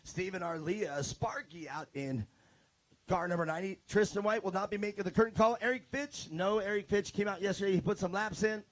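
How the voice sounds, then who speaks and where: A man's voice: high voice, a little fast, dry recording. A man doing live trackside announcing at an outdoor race, joking and chatting with drivers and crews into a handheld mic.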